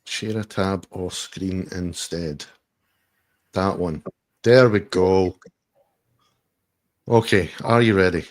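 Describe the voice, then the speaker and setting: A man's voice: sits low, fairly even intonation, slow, long pauses, no echo. A man hosting a podcast, chatting casually and swearing freely. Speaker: podcast host. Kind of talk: casual banter.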